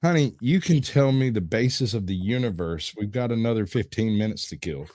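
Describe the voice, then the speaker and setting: A man's voice: fairly low pitch, animated, fairly quick, darkish tone. A playful man hosts a casual podcast, and his voice moves all over as he jokes. The sound is dry and close, with no room echo. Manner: playful, joking, laughs often. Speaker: podcast host.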